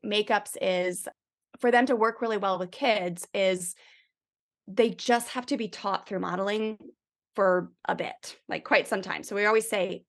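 A middle-aged woman, a parenting guest expert, speaking in a conversational interview and acting out quoted lines to children and a spouse. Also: medium pitch. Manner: animated, acts out quoted lines to kids and spouse.

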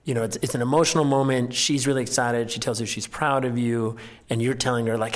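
A man interviewing a guest and narrating in between, with measured, inquisitive questions. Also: medium pitch, fairly even intonation.

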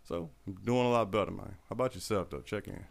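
A man's voice: fairly low pitch, fast, vocal fry. A young man co-hosting a casual podcast, telling army stories in laid-back, profane banter. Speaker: podcast co-host, army veteran.

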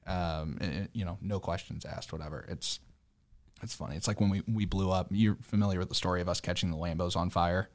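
A young man with a fairly low voice tells a story in a loose, casual conversation. He gets animated as it builds, laughing and cursing freely. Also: fairly quick. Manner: animated, swearing, laughing often. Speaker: car dealership worker.

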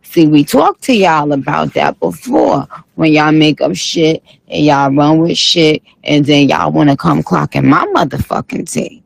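A man's voice: on the high side, a little slow, creaky, no room sound, heavily acted, poor audio. A man doing a comic impression of a sassy, tired female rap star who reads live chat comments on a late-night stream, with a drawling, profane manner.

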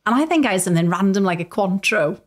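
A woman's voice: mid-range voice, lively intonation, fast. A middle-aged woman with a Welsh accent, chatting as a podcast guest and telling stories with frequent laughter. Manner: chatty, storytelling, laughs often. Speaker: guest, TV presenter. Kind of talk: casual chat.

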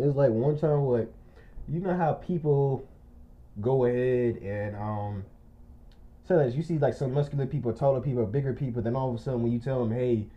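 A young man telling a long, rambling story in casual chat, often breaking into laughter. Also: medium pitch. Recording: muffled lo-fi recording.

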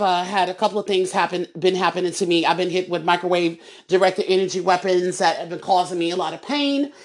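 A woman with a fairly low voice hosts a solo podcast monologue. Her delivery is heated and emphatic, and she often circles back, repeating her words.

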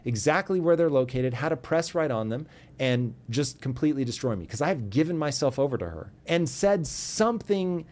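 A man telling a personal story as a podcast guest, animated and earnest, acting out both sides of old arguments. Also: medium pitch, moderate pace. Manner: earnest and intense when giving advice.

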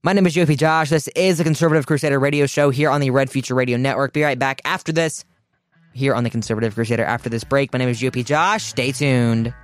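A man rails through a political commentary on his own radio show, emphatic and indignant, often restarting a phrase. His voice is smooth and resonant, recorded dry and close with no room sound. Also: mid-range voice, fairly even intonation, quick pace, no room sound.

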